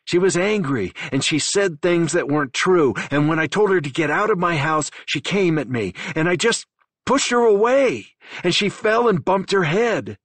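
A desperate young man pleads in a strained, high, cracking voice, rasp in his throat, as a deep-voiced audiobook narrator acts him out. The reading is close and dry. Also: lively intonation, normal speed, a bit bright, dry recording. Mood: desperate pleading. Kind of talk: audiobook character voice.

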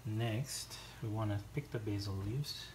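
A man talks through a home cooking demonstration at an unhurried, drawn-out pace, chatting to himself and his dog between tasks. Loud chopping, clinking dishes and cutlery fill the kitchen behind him, close to the voice. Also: lowish voice, noisy background. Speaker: home cook hosting a cooking video.

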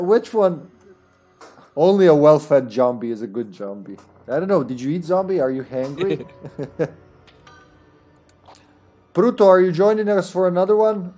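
A man's voice: a little high, mellow. A man streaming a video game with friends, chatting casually, joking and laughing often. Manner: jokey, laughs often, rambling. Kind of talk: casual gaming chat.

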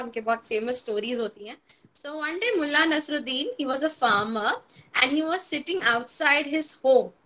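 Bright-voiced Indian woman speaker. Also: high-pitched. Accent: Indian English. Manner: earnest, storytelling, mixing in Hindi. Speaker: speaker on mind management. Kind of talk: motivational talk.

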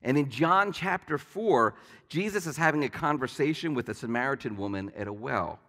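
A male pastor delivers a conversational sermon in a mid-pitched voice, weaving stories and asides into his preaching. The sound carries a long church-hall reverb. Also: expressive, normal speed, fairly bright tone. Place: church sanctuary.

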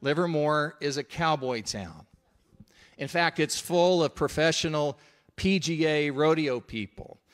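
A man's voice: fairly high pitch, a little slow. A middle-aged man preaching a sermon, telling a story in a conversational way and checking in with his listeners.

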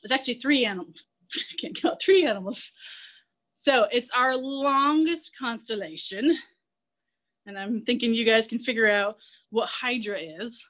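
A woman zoo educator leading an online class for children, playful and energetic, telling a myth and getting the kids to run and chant along. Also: fairly high pitch, measured pace, long pauses.

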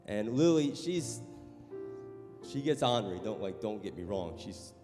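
A man preaching a sermon as pastor in a church, passionate, moving between loud exhortation and quiet storytelling. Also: lowish voice, big pitch swings, unhurried. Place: church sanctuary. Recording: long hall reverb with music behind.

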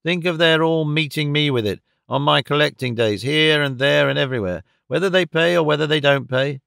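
Casting: terse, emphatic rent collector, smooth dry voice, read by a man. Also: a little high, a little fast, a bit bright, no echo. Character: blunt snorting male rent collector.

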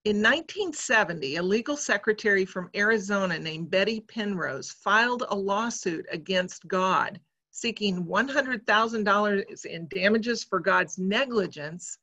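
Slow, measured woman preaching a sermon. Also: medium pitch, lively intonation, sharp tone. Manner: measured, reflective storytelling. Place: church.

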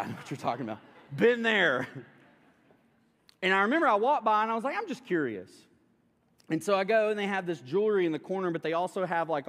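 A young man preaching a sermon, telling a humorous personal story to the congregation in a casual, chatty way. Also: a little high. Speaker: pastor. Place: church sanctuary. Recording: long reverb of a church hall.

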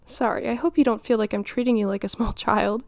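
A woman voicing a doting, flirty middle-aged mother in an audio role-play, nurturing and teasing with giggles and flustered pauses. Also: on the high side, fairly even intonation, darkish tone, dry recording, clean studio sound, natural voice.

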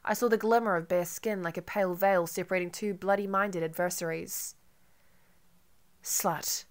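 Lower-pitched woman reading an audiobook. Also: fairly even intonation, a little fast. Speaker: audiobook narrator. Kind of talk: scripted audiobook narration.

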